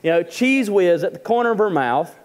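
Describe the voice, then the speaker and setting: A man's voice: sits high, expressive, a little fast, long reverb tail. A male pastor preaching a humorous, conversational sermon in a church. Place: church auditorium.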